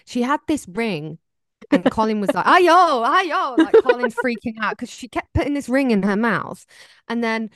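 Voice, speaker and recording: A woman's voice: fairly high pitch, expressive, normal speed, no echo, clean studio sound. A woman co-hosting a podcast, chatting casually and quoting people as she tells stories. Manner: chatty, laughs easily, quotes people in her stories. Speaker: podcast co-host. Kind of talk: casual chat.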